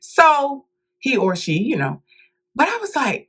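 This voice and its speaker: A woman vlogging a casual storytime, dramatic and animated, acting out quotes and calling her viewers "y'all". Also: fairly high pitch, measured pace, pauses often. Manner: addresses viewers directly as "y'all" and "baby".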